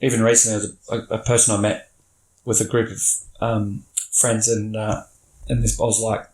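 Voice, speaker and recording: A man's voice: lowish voice, little pitch movement, normal speed, a little mellow. A middle-aged man, a podcast guest telling stories bluntly and swearing freely. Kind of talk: candid storytelling chat. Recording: roomy echo.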